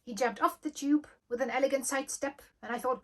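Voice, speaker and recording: Woman telling a lively story. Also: sits high, fairly quick. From Germany. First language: German. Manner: lively storytelling, acting out quoted dialogue. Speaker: channel host. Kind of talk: storytime vlog.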